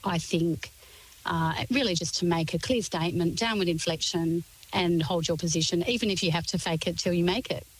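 A woman speaking as a guest expert on radio. She lays out her points calmly and clearly, one after another. Her voice sits a little low for a woman. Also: moderate pace, poor audio. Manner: composed, articulate explaining in lists. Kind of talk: radio interview.

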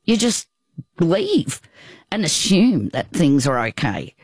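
A woman in her fifties, a guest telling a personal story in casual, halting, reflective chat. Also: fairly low pitch, big pitch swings, darkish tone, breathy edge, dry recording.

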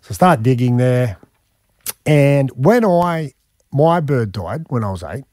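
A man's voice: medium pitch, unhurried, dry recording, clean studio sound. A man in his forties with an Australian accent, a radio host telling a long personal story in casual chat, full of "mate" and "man" fillers. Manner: animated, emphatic, frequent "man" and "mate" fillers.

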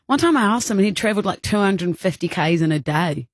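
A woman's voice: mid-range voice, lively intonation, fast talker, dry recording, clean studio sound. A woman co-hosting a radio show, throwing in playful, cheeky quips. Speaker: radio co-host. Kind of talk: casual on-air banter.

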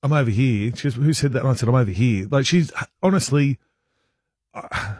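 A man's voice: medium pitch, animated, fairly quick, a little mellow, slightly rough, no room sound, clean studio sound. A man in his forties, co-hosting a radio show, telling a rambling, self-mocking story in casual banter. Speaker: radio co-host. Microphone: studio microphone.

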